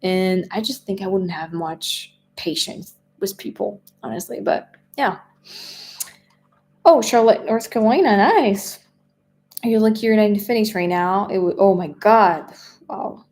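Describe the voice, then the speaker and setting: A native French speaker from France, this woman hosts a casual live stream chat in accented English, reading viewer questions aloud. She's chatty, laughs a lot, and repeats words and restarts sentences. Her mid-range voice is unhurried and darkish in tone.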